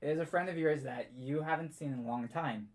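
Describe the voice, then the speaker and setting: A man running a tabletop game as game master, telling the story in a relaxed way and chuckling often. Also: a little high, fairly quick.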